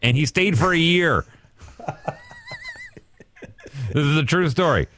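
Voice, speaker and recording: A man's voice: on the high side, animated, slow, fairly bright tone, slight background noise. A man hosting a podcast in casual chat, reacting to his co-host and telling his own stories.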